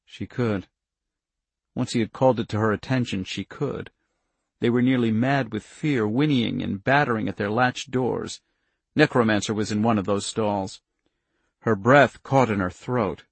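A man narrating an audiobook in a steady, measured way on a close mic. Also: lowish voice, gravelly, slightly rough, dry recording.

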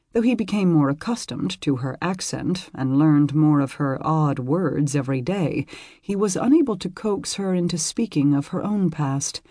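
A man narrating a historical romance with a husky, slightly breathy voice. His delivery is measured and intimate, recorded close in a dry space with no room sound. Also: on the high side, dark tone, dry recording. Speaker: audiobook narrator.

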